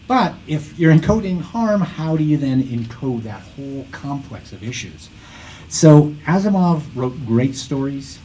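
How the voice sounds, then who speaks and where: Low-voiced man on a discussion panel. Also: a little mellow, a little hiss or hum, poor audio. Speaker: panel speaker.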